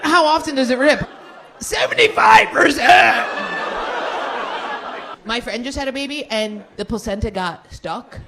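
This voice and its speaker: A woman doing stand-up comedy and crowd work on a club stage, talking loudly and swinging into incredulous shouts. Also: mid-range voice. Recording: live club recording with crowd noise.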